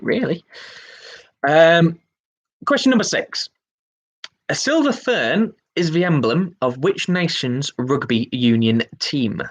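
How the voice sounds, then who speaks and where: A man's voice: on the high side, lo-fi sound. A man hosting a pub quiz, reading each question twice with chatty asides in between.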